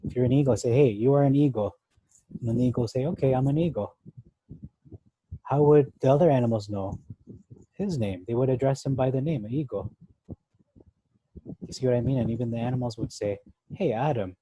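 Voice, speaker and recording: A man's voice: mid-range voice, fairly quick, pauses often, dark tone, a little hiss or hum, poor audio. A man going verse by verse through a Bible passage in a casual, conversational way, thinking aloud with fillers and asides. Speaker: Bible teacher.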